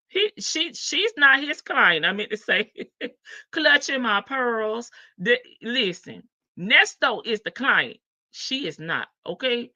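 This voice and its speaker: With a Southern US accent and a sing-song, medium-pitched voice, a woman hosts a casual livestream where she gossips, laughs and teases her chat readers. She speaks slowly in a sharp tone, and the recording is dry, dull and lo-fi.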